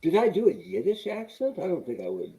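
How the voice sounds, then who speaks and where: A man co-hosting a podcast in casual chat, teasing and joking with quick comebacks. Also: fairly high pitch, huge pitch swings, dark tone, slight background noise. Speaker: podcast co-host.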